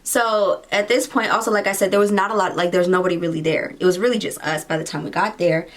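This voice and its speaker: A young adult woman vlogger telling a story in casual chat, animated and chatty, with lots of "like"s and playful asides. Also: fairly low pitch, fast talker. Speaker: beauty vlogger.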